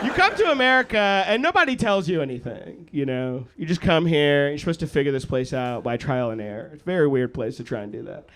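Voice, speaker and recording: A man's voice: a little high, very noisy. A man born in India doing a self-mocking stand-up set on a club stage, chatting with the crowd. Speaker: stand-up comedian. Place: comedy club stage with a laughing audience. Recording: loud crowd laughter behind.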